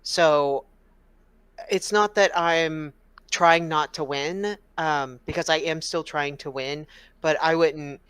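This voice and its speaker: A woman guest weighs her words in a casual chat, her tone thoughtful. Her voice is smooth and resonant. The sound is dry, with no room. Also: deep voice, fairly even intonation, takes it slowly, no room sound. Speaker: podcast guest.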